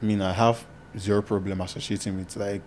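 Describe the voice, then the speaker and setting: A man with a Nigerian Benin accent, a podcast guest telling lively stories in casual chat and slipping into Pidgin. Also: fairly low pitch, fairly quick, a little hiss or hum. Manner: animated storyteller, slips into Pidgin.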